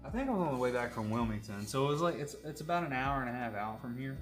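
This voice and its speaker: Racing and animated at medium pitch, a man chats while tattooing, with soft background music. He rambles through jokey stories full of fillers.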